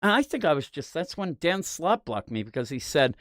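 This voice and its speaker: Comics podcast host, rambling storyteller, pitch jumping all over, dry close sound. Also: a little fast, no echo. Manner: rambling, animated, profane storytelling. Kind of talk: casual chat.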